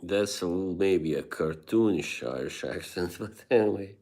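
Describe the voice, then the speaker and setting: A man's voice: sits low, lively intonation, normal speed, warm tone. A man hosting a livestream, chatting casually with viewers and laughing often between remarks. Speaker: livestream host reading chat.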